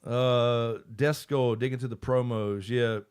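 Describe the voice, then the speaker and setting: A man's voice: mid-range voice, fairly even intonation, slow, darkish tone, smooth. A man hosting a live stream in casual chat, with a loose, rambling way of talking as he reads out viewers' comments. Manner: laid-back, rambling, reads chat aloud.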